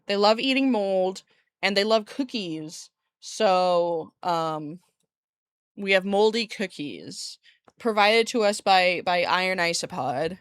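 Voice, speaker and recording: A woman with a smooth, medium-pitched voice speaks slowly but with lively intonation, the sound clean and studio-like with no echo. Streaming from a window-side room at home on a desk mic, she rambles casually with viewers, laughing frequently and cursing a bit.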